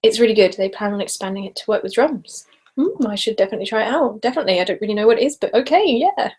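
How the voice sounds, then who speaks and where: A woman's voice: medium pitch, expressive, rapid-fire, breathy edge. Chatty English woman in a live stream. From Essex, England. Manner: chatty and giggly, dropping into soft whispers at times. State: sipping wine while talking. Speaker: ASMR creator hosting a live hangout. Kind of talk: casual live-stream chat reading viewer comments.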